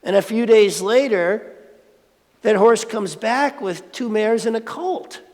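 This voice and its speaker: A man's voice: high-pitched, takes it slowly, darkish tone. A man giving a conversational sermon at a spiritual centre, playful and asking the audience questions. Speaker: spiritual speaker. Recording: reverberant hall.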